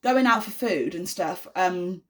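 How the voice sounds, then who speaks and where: In a casual vlog, a young mother of an autistic son talks straight to camera about everyday life as a mum. Her slightly low voice is expressive and measured in pace, earnest and reassuring, with plenty of ums and you-knows.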